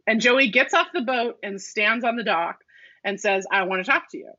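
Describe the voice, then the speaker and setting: A woman co-hosting a casual chat, retelling a TV scene and acting out its lines softly. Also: on the high side, moderate pace, no room sound. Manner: acts out quoted lines, softens into a hush. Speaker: podcast co-host. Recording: dull, muffled dry sound.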